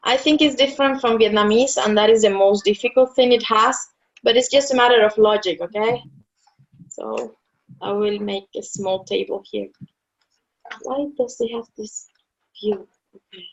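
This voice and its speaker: A woman's voice: medium pitch, steady tone, moderate pace. A woman tutoring a Spanish lesson, patiently explaining rules step by step, repeating key words and checking that her student follows. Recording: dull lo-fi sound.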